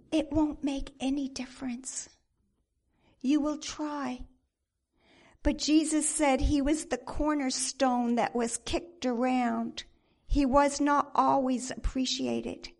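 A woman preacher tells a story in a sermon, her high voice moving slowly and deliberately. Her delivery is dramatic and expressive.

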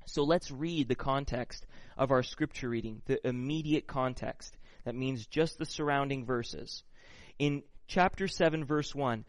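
A man preaching a sermon who reads scripture slowly and explains it in a casual, conversational way, often checking in with "right?". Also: medium pitch, no echo. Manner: slow, deliberate reading of scripture. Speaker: pastor.

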